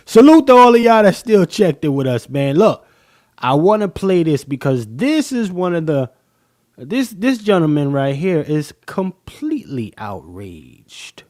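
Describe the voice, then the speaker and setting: A man hosting a live-stream podcast, talking emphatically and slowly to his audience. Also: a little high, sing-song, a little mellow, dry recording, clean studio sound. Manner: emphatic, drawn-out, addresses the chat as y'all. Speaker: podcast host.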